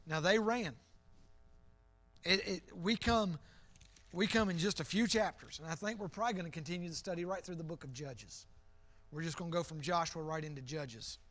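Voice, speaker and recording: A man's voice: a little high, normal speed, fairly bright tone. A middle-aged man preaching in church as pastor, earnest and conversational, often repeating his phrases. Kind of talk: sermon.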